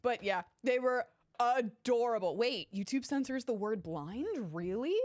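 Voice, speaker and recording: A woman chatting casually during a game playthrough, rambling and swearing freely, with big animated swings in her voice as she tells a story. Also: fairly high pitch, measured pace. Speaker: gaming YouTuber. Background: game music.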